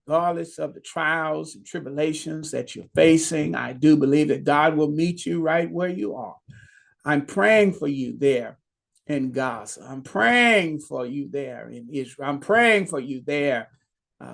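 Male pastor preaching, slow and gravelly, stops and repeats himself, then builds up loud. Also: on the high side, expressive. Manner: halting, repeats words, swells to emphatic peaks. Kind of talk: sermon.

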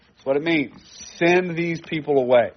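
A man preaching an expository sermon, talking it through in a conversational way and circling back on his phrases to stress them. His voice sits a little higher than most men's, and the recording sounds dull and lo-fi. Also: moderate pace. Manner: conversational, repeats phrases for emphasis. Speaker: pastor.

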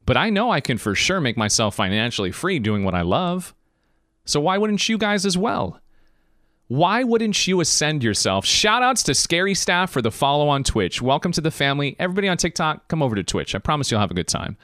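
A man hosting a podcast stream, talking in a lively, preachy way about life. His pitch jumps around. He speaks straight to his viewers in a dry room. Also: no room sound. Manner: animated, preachy, talks to viewers directly. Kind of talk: casual motivational talk.

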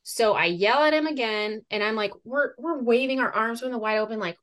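Animated woman telling a hunting story. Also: fairly high pitch, fairly quick. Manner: animated, laughing, lively retelling with acted-out quotes. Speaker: podcast guest, fitness coach and moose hunter. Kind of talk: casual storytelling.

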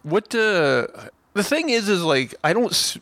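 A man's voice: high-pitched, very animated, a little slow, a bit bright, no echo. Rambling man on a dry-sounding podcast. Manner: rambling, full of "like" fillers, laughs often. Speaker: podcast co-host. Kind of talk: casual chat.

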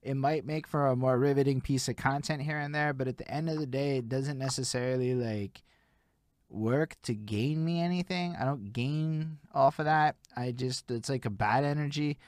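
A man's voice: mid-range voice, moderate pace, dry recording. Young male host, casual and profane, dry close sound. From Montreal. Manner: swears freely, laid-back slang with "yo". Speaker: interview host. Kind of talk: casual interview chat.

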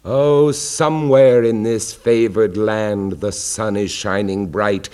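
A man giving a dramatic recitation of a poem, measured, sinking low and quiet on the weighty lines. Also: steady tone, clear, resonant tone.

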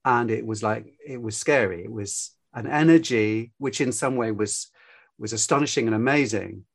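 An older man from Scotland speaks with only a faint Glaswegian accent, his voice sitting at an ordinary middle pitch. He talks casually as an interview guest. He tells his answers as rambling, reflective anecdotes. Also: normal speed, creaky, breathy edge. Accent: light Glaswegian Scottish. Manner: reflective, anecdotal, drifting into stories. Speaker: storyteller guest.

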